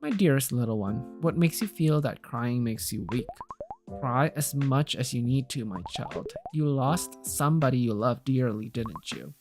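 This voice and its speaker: A woman voicing a gentle, motherly older woman who comforts a grieving young friend in soft, tender, reassuring lines. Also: rumbling low, expressive, measured pace, music in the background, exaggerated voice.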